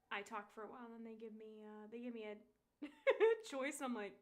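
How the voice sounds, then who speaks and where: A woman in her twenties chatting casually while playing a game, swearing freely and laughing often, reading game lines aloud quietly. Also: a little high, lively intonation, a little slow, long pauses. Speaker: streamer.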